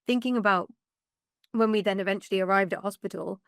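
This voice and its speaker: A young woman telling her own story as a podcast guest, lively and emotional, often laughing and acting out what others said. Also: medium pitch, a little fast, smooth, dry recording, clean studio sound. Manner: lively, laughing retelling with quoted dialogue. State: emotional, close to tears. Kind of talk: personal storytelling.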